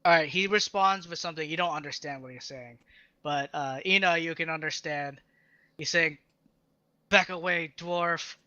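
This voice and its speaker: A man who is the game master, narrating a tabletop game in a casual, halting way, on a muffled lo-fi mic. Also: on the high side, bright, forceful tone, dry recording.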